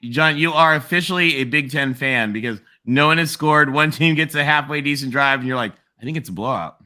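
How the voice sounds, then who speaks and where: A man's voice: a little high, brisk, pushed and bright, clear, resonant tone. A man hosting a livestream, chatting casually about college football, laughing often and rambling with restarts. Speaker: livestream host. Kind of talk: casual sports chat.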